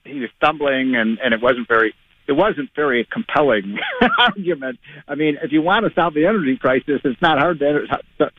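Male economist on a phone-in, relaxed and chuckly, narrow phone sound. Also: fairly high pitch, fairly quick. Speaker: economist guest. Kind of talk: phone-in interview. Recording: tinny phone line.

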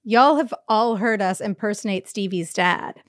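A woman's voice: mid-range voice, normal speed, no room sound. Woman podcast co-host, eager casual chatter, dry remote recording. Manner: enthusiastic, laughs often. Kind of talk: casual chat. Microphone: remote recording, dry sound.

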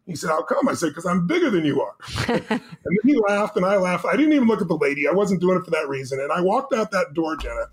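Guy on a podcast telling a story, high voice, talks fast, acts out the quotes. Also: lively intonation. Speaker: guest.

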